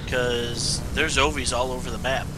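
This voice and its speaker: A man's voice: mid-range voice, flat delivery, normal speed, noisy background. A man giving casual, confident color commentary on a strategy game match. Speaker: esports co-caster.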